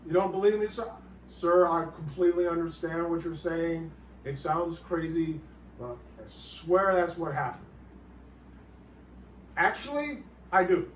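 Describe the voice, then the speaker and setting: A man in a comedic monologue, rambling and halting while he keeps politely calling his listener sir. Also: on the high side, slight background noise. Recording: roomy, distant mic, faint background ambience.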